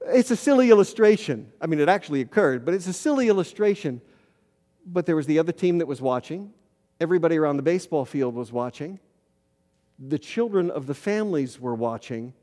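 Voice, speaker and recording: Middle-aged guy preaching a sermon, kinda high voice, lots of hall echo. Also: lively intonation, fairly quick. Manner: storytelling, rising loud for emphasis. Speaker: pastor. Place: church sanctuary. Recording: long hall reverb.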